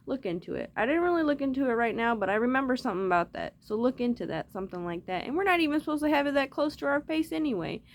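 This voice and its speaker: A woman's voice: sits high, lively intonation, very fast, few pauses. A woman talking straight to her viewers in a loose, rambling monologue, swearing freely as she goes. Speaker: vlogger.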